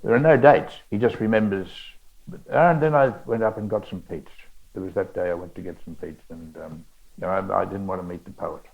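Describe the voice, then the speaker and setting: An older Australian man, an author in conversation at a bookshop event, telling rambling anecdotes with halting restarts. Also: sits low, gravelly, narrow, tinny audio. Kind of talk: onstage literary conversation.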